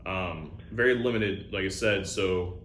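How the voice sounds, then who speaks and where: A fairly low-voiced man explains a new beer in a relaxed, rambling way full of ums and uhs. An echoey room surrounds his voice, with faint noise underneath. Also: a little slow. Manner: relaxed, filler-heavy explaining. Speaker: beer brand representative. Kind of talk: casual radio guest chat.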